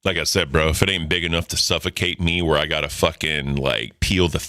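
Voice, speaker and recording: A man's voice: a bass voice, steady tone, fairly quick, pushed and bright, no echo, studio quality. A man hosting a podcast in casual, profane, rambling banter. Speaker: podcast host. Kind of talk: casual crude commentary.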